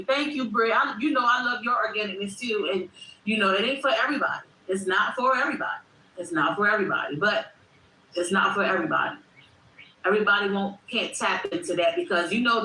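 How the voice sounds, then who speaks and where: In an echoey room with faint noise behind her, a livestream host chats casually and reflectively with her viewers, often repeating herself. Her voice is mid-range and sharp in tone.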